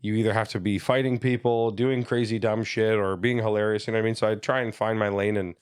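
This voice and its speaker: A man in his thirties talks as a podcast guest, spinning animated stories and checking in with his listeners. His voice sits on the low side. The sound is dry and close. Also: quick pace, clean tone, no echo. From Canada, Ontario. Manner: animated storyteller who slips into voices, says "you know what I mean" often. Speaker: guest comedian. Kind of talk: casual podcast chat.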